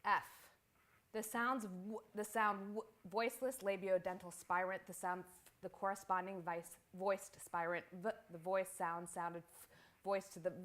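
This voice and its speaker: Woman reciting poetry in measured incantation. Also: medium pitch, steady tone, fairly bright tone. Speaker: poet. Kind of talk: poetry reading. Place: small performance venue.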